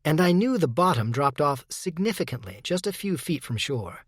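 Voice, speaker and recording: A man reading a first-person audiobook chapter in a measured, even manner, with a dark undertone. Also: fairly high pitch, breathy edge, no echo, studio quality. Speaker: audiobook narrator.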